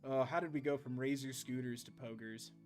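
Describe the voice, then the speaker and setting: A man's voice: mid-range voice, steady tone, a little mellow, soft background music. Chatty young man streaming a game. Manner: chatty, jokey, quick asides. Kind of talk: casual live gameplay chat and reading aloud.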